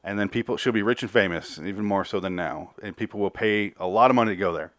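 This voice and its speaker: Fast-talking and fairly low-pitched, this host rambles profanely through a TV episode recap and review on his podcast, breathless and repeating words as he restarts. The studio audio is clean, with no room sound.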